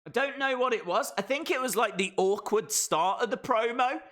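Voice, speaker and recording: A man streaming a live wrestling watch-along, reacting with jokes and sudden shouted mimicry. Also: very high voice, moderate pace. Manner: animated, jokey, mimics wrestlers in shouted bits.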